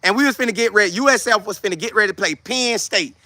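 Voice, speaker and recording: A man in his twenties, hosting a casual football show, talking loudly and boastfully with lots of energy. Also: high-pitched, fast, no room sound. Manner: loud, trash-talking, animated. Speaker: show host, football player. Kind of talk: casual livestream chat.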